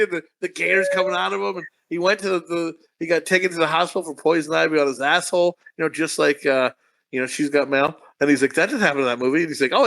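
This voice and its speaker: A man co-hosting a casual podcast chat, talking fast, skipping words and acting out characters' lines as he retells a story. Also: fairly high pitch, fairly bright tone. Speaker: podcast co-host.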